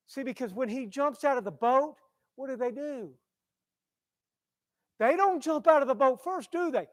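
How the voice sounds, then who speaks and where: High-voiced guy preaching, gets loud then drops real quiet, repeats himself a lot, dry close sound. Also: moderate pace, pauses often, no room sound. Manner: impassioned, swings from loud to hushed, repeats phrases. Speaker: pastor. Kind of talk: sermon. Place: church.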